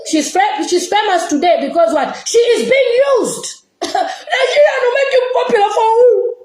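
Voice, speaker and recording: A woman's voice: extremely high pitch, animated, moderate pace, darkish tone, echoey room, low-quality recording. A woman from Zambia, giving an impassioned, scolding reaction rant full of rhetorical questions. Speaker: online commentator.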